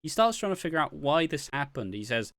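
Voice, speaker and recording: A man's voice: on the high side, very animated, fast, fairly bright tone, dry recording. A man co-hosting a podcast, recapping soap episodes in chatty, casual talk and often laughing. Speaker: podcast co-host.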